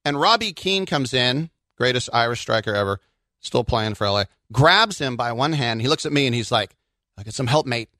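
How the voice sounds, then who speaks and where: Man, Bay Area native, podcast co-host, bright forceful voice, anecdotal and quick. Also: medium pitch, lively intonation, no echo. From Bay Area, California. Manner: chatty storyteller, quick asides. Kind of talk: casual soccer chat.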